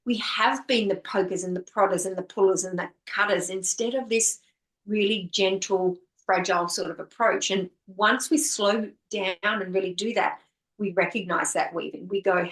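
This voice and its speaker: A woman's voice: mid-range voice, steady tone, moderate pace, fairly bright tone, roomy sound, low-quality recording. A woman author speaking as an interview guest, earnest and flowing, often stringing words into lists. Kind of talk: reflective conversational interview.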